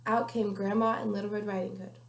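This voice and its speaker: A woman's voice: mid-range voice, level tone, brisk. A young woman reading a children's picture book aloud carefully, with small slips now and then. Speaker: guest reader. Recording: echoey room.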